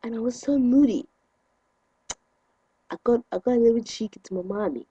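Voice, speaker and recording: A young man, ranting indignantly to his camera in a vlog, with sudden loud outbursts. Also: very high-pitched, normal speed, breathy edge, no echo, highs cut off. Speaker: vlogger.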